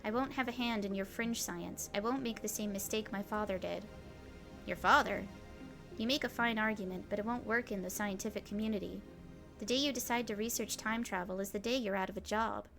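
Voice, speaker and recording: A woman's voice: mid-range voice, brisk, gravelly, a bit bright, soft background music. Woman reading as a scornful young genius scientist. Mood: bitter. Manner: cutting, dismissive.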